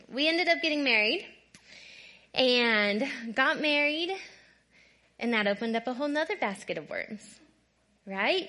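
A woman giving a candid personal testimony talk, conversational and often checking in with "right?", moving between soft, quiet passages and louder bursts. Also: on the high side. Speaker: guest speaker.

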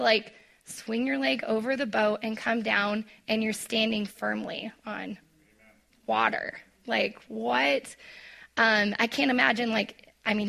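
A woman teaches a Bible story to her women's group in a loose, chatty way, full of "like" and acted-out quotes. Her voice sits a little high and sounds bright, with a gravelly edge. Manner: chatty, lots of "like", acts out quotes; talks to the audience directly. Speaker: women's Bible study leader. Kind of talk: casual devotional teaching.

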